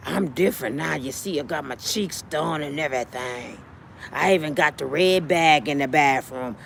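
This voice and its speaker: A woman voicing an aging glamorous woman who talks in a low, breathy, seductive purr with a slow drawl. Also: a little hiss or hum. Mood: sultry.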